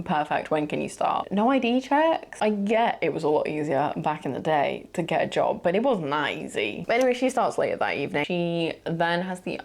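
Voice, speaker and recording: Low-voiced woman recapping a book. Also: creaky. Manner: chatty, sarcastic asides, lots of "like". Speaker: book reviewer.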